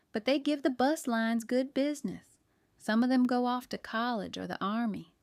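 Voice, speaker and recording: A woman voicing a shrewd, folksy older woman baker who talks in a slow, homespun, musing way. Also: on the high side, a little mellow, dry recording, studio quality, close to an everyday voice. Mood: concerned.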